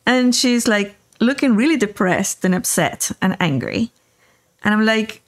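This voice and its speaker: A woman's voice: a little high, measured pace. A woman guest telling a story in conversation, acting out the dialogue and often checking in with "right?". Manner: animated, acts out quoted dialogue, keeps asking "right?". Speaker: spiritual teacher and guest.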